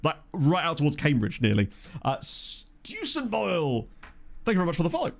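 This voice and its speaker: A man's voice: a little high, wildly swooping pitch, fairly quick, creaky. Chatty Essex man streaming a game. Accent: soft Essex home counties English. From Essex, England. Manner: rambling, jokey, chatting with viewers. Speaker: streamer playing a management game. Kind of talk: casual live-stream chat.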